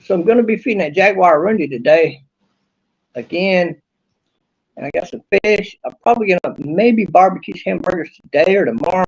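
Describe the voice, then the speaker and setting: A man casually vlogging outdoors behind his house, rambling in a folksy way with drawn-out fillers. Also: sits high, expressive, muffled recording.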